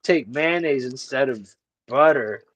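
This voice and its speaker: Joining a casual livestream over a video call, a male guest chats loosely, swearing and cracking jokes. His mid-range voice is unhurried with a fairly bright tone, and the recording is dry.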